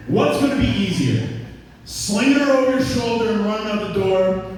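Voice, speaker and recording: A man from Massachusetts with a Massachusetts accent, a stand-up comedian with a crude style who teases the crowd. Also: high voice. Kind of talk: stand-up set. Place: comedy club. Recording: echoey club, far-off mic.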